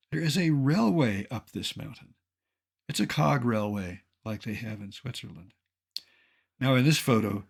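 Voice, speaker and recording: An older man tells his climbing story over a slideshow, his voice gravelly with a husky edge. He keeps a mid-range pitch and reads from a script. His humor is dry and deadpan. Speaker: mountaineer narrating a slideshow. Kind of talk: scripted narration.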